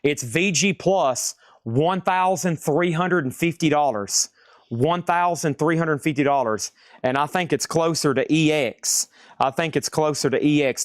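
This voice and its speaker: A man selling vinyl records on a live stream in an excitable, jokey auction patter. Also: fairly high pitch, dry recording, studio quality.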